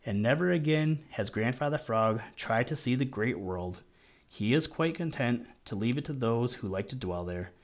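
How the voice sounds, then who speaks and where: A man narrating a children's audiobook in a measured, gently expressive storytelling manner. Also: fairly low pitch.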